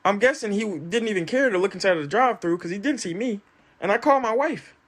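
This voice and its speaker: Man, casual storyteller, swooping animated pitch, acts out every quote. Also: fast talker.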